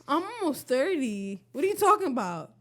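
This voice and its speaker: Woman, late twenties, podcast co-host, casual slangy chat, high animated voice. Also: fairly quick. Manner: slangy and expressive, laughs often.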